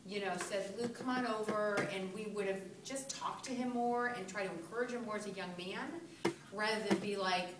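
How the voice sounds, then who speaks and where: A woman's voice: medium pitch, normal speed. An older woman earnestly giving casual parenting advice. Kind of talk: casual faith-based parenting talk. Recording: echoey room from a distance with noise.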